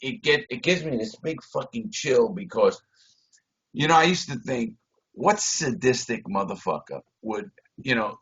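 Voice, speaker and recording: A man telling a story on a video call, blunt and profane, shifting between loud bursts and low mutters. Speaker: interview guest. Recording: dull lo-fi video call audio.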